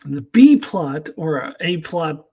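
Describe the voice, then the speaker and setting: A man's voice: fairly high pitch, very animated, slow pace, creaky, mellow, breathy edge, low-quality recording. A man giving a rambling, casual spoken review of TV episodes, with frequent fillers and laughs.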